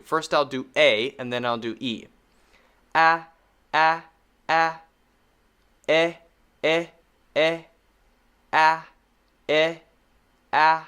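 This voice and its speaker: A man with an American accent teaching pronunciation in a recorded lesson, speaking deliberately and repeating vowel sounds to demonstrate them. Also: on the high side, pushed and bright.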